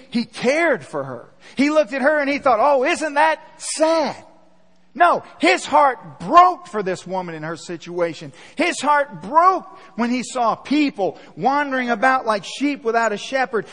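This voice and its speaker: Male pastor, sermon delivery, very high voice, emphatic repetition with hushed tender passages, reverberant sanctuary. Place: church sanctuary. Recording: long hall reverb.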